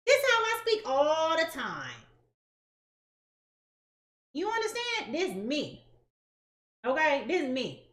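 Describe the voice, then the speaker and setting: Animated, sassy high-voiced woman. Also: takes it slowly, long pauses, reverberant. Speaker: tarot reader. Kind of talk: casual direct-to-camera chat.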